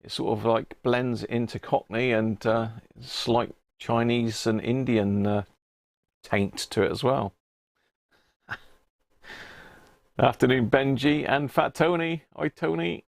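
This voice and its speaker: A man's voice: medium pitch, takes it slowly, gravelly, long pauses, dry recording. Chatty man, dry close sound. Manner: chatty, greets viewers by name, chuckles often. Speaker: livestream host. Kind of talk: casual live-stream chat.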